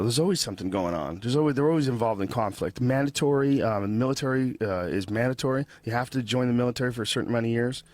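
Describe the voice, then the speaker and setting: A male podcast host tells a story in a relaxed, conversational way. His voice sits in a middle pitch. The recording is dry and close. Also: no room sound. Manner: relaxed, chatty, puts on mock accents when quoting. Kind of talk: casual storytelling chat.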